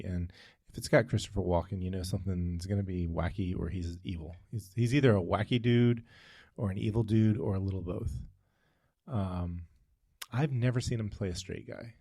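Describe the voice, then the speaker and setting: A man with a fairly low, warm voice co-hosts a casual podcast, recorded in studio quality with no echo. He tells a long, rambling story, going off on tangents and using many fillers.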